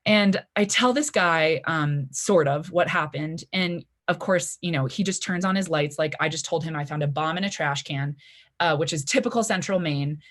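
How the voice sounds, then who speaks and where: A woman's voice: sits low, moderate pace, fairly bright tone. A woman in her twenties telling a personal story at a live story slam, chatty, with lots of "like" and "you know" fillers. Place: library event stage before an audience.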